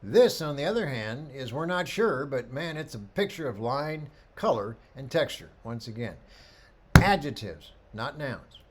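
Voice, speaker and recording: Animated storytelling photography teacher, man. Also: medium pitch, measured pace, a little hiss or hum. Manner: animated storyteller, acts out quoted voices. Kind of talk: lively photography talk with anecdotes.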